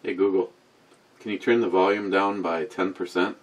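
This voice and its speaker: A wisecracking man in his sixties with a fairly low voice hosts a beer review in loose, rambling chat to camera. He swears freely, wanders off topic and trades jabs with his voice assistant. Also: fairly even intonation, moderate pace. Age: 60s. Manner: talks back to a voice assistant.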